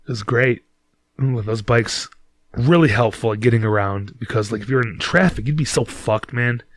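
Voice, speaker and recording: A man's voice: mid-range voice, moderate pace. A man hosting a podcast, telling a rambling, profane story in casual chat and laughing at himself. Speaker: podcast host.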